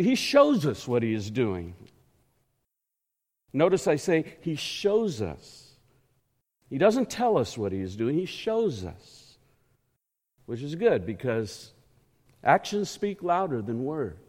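A man preaching a sermon in a church, emphatic and measured, asking the congregation rhetorical questions. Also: a little high, darkish tone. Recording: echoey hall.

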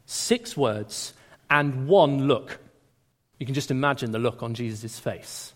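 A man preaching a sermon to a gathering, speaking with animated emphasis and raising his voice on quoted lines. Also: mid-range voice, takes it slowly. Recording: reverberant hall.

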